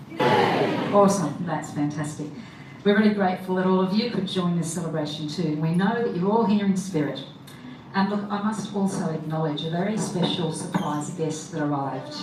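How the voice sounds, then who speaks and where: A woman, a wedding celebrant speaking to the guests in a chatty, upbeat way. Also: on the low side. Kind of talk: officiating a wedding ceremony. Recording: echoey, distant, noisy.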